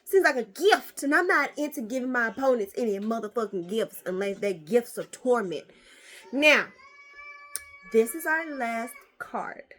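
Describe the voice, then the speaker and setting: A woman vlogger chatting casually as she opens card packs, animated and swearing freely. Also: a little high, normal speed. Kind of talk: casual chat.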